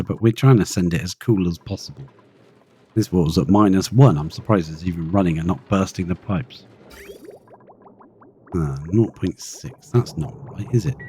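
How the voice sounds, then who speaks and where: A man's voice: sits low, dark tone, slight background noise. A man giving chatty live gameplay commentary, thinking aloud and talking to the creatures in his game. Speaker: streamer playing a colony-building game.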